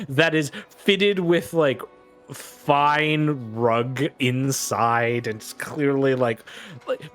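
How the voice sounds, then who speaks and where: Guy GM narrating a tabletop game, lots of likes and uhs, faint music behind. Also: mid-range voice. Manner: chatty, fast bursts with many fillers. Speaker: game master.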